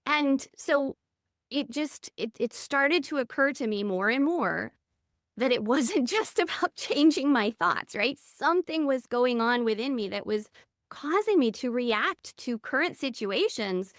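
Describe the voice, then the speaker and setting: A woman's voice: sits high, expressive, a little slow, dry recording, studio quality. A woman in her thirties, a podcast guest telling personal stories in an earnest, candid way. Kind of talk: reflective interview conversation.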